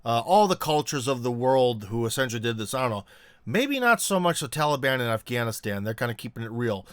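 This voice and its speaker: A man running a casual live-stream discussion. He rambles through fillers and joking asides. His voice sits mid-pitch, dry and close to the mic. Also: lively intonation, brisk, a bit bright, clean tone, no room sound. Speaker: host.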